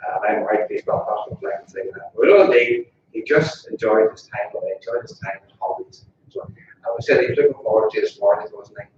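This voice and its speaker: Low-pitched yet lively in intonation, a slightly mellow Northern Irish man briskly delivers an informal, jokey eulogy as funeral officiant, often asking the mourners questions. The recording, made in a funeral parlour chapel, is distant, echoey and dull, with a little hiss or hum.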